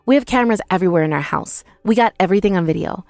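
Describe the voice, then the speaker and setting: A woman's voice: mid-range voice, animated, racing, a little mellow, dry recording, clean studio sound. A young woman telling a first-person dramatized story in an indignant, accusing manner. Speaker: narrator and protagonist.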